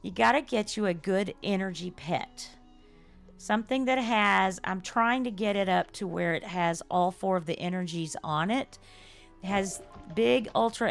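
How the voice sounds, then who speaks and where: An older woman with a medium-pitched, gravelly voice streams a game live, chatting effusively and laughing often. She keeps thanking her viewers as she plays.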